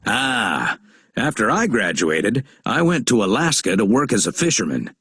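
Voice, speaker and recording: A man's voice: lowish voice, very animated, moderate pace, breathy edge, dry recording, full character voice. A middle-aged man playing a joking, genial uncle in a textbook audio dialogue. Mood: reminiscing. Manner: warm, teasing, storytelling.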